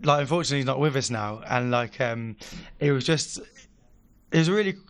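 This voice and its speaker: A man, speaking as a podcast guest. He tells a long personal story in loose, rambling chat, filling his sentences with fillers. His voice sits at a medium pitch. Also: a little fast, clear, resonant tone. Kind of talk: casual chat.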